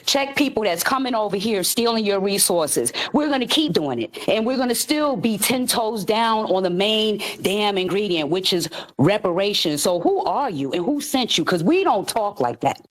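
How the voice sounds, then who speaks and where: A woman's voice: mid-range voice, lively intonation, moderate pace, hardly any pauses. A woman in a live online discussion, confrontational and scolding, repeating her points. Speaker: participant in a live audio chat room.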